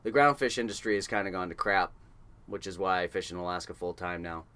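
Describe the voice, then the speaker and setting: Low, bright-toned salty fisherman. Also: quick pace, smooth. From coastal New England. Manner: salty, swears freely, loose anecdotal telling. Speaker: guest, fishing boat chief engineer. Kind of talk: casual interview storytelling.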